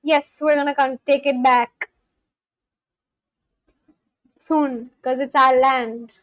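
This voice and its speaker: A woman's voice: high-pitched, fairly even intonation, slow, no room sound, lo-fi sound. A woman, chatting casually on a live stream from home and reacting aloud to clips and viewer messages. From India. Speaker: language-learning livestreamer.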